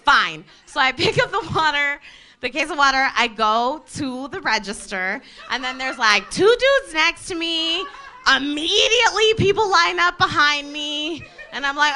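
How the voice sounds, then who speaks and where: A woman's voice: sits high, expressive, a little slow, sharp tone, a little hiss or hum. A woman telling a comic story about herself, rambling, laughing often and swearing casually.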